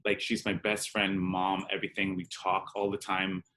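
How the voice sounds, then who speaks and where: A man with a fairly low voice recounts a personal story in an interview. He speaks candidly and with feeling, acting out the dialogue as he goes. His speech is full of "like" and quick asides. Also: completely flat delivery, fairly bright tone. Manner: candid and emotional, acts out dialogue, peppered with "like". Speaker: drag performer and interview guest.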